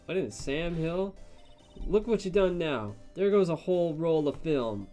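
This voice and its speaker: A man voicing a brash, loud Southern woman photographer with a drawling accent and folksy, pushy talk. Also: on the high side, expressive, a little slow, faint music behind, pitched above the performer's own voice. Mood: indignant.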